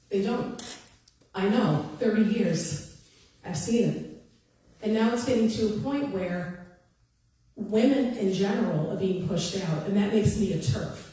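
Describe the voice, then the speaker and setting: Woman, 50s, candid emphatic testimony speaker, mellow tone, heard distant in a big echoey hall. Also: mid-range voice. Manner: candid, emphatic, repeats short phrases for stress. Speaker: guest speaker giving a personal testimony. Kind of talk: personal testimony speech to an audience.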